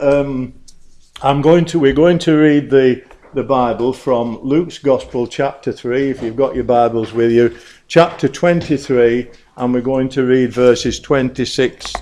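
A man preaching in an unhurried, deliberate way, stopping to apologise when he loses his place. His scripture reading is measured and solemn. His voice sits at an ordinary middle pitch. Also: a little mellow. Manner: slow, apologetic and flustered over references. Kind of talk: sermon with Bible reading.

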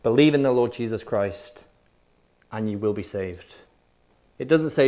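A man's voice: medium pitch, unhurried, long pauses, dark tone. A man preaching a sermon in short, punchy, repeated phrases. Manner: emphatic, punchy repetition.

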